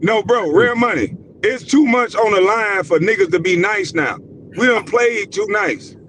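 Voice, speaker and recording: A man with a high voice talks bluntly and loudly among friends, swearing freely. There is clear noise in the background behind him. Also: a little slow, low-quality recording. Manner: loud, blunt, profane ranting. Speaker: podcast co-host. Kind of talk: heated casual talk.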